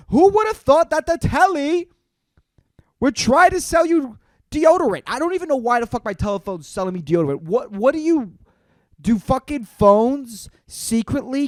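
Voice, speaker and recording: Dude rambling on his solo podcast, kinda high voice, swears a lot, sarcastic, totally dry sound. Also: dry recording. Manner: rambling, sardonic, profane, says "dude" constantly. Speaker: podcast host. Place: indoors in front of a green screen.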